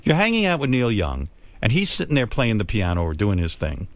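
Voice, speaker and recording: A man, hosting a radio talk show and teasing his guest with blunt, quick follow-up questions. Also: fairly low pitch, wildly swooping pitch, no room sound. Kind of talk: probing interview banter. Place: radio studio.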